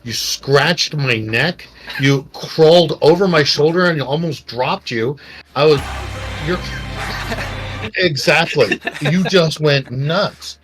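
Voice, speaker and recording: A middle-aged man, a podcast co-host, telling personal stories in a rambling, animated way and acting out quotes. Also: fairly high pitch, slow. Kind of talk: casual storytelling chat. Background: faint background music.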